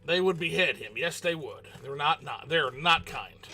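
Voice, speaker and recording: Higher-voiced man hosting a gaming channel; jokes and banters with characters as he plays. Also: animated, moderate pace, sharp tone, faint music behind. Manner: joking, chatty, talks back to game characters. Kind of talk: let's play commentary.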